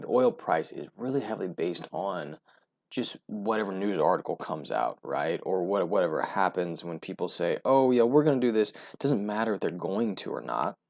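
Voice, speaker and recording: This low, gravelly male voice belongs to an oil and gas investment commentator from the United States. He riffs on oil prices alone in a relaxed, rambling way, full of fillers, false starts and little "right?" tag-ons.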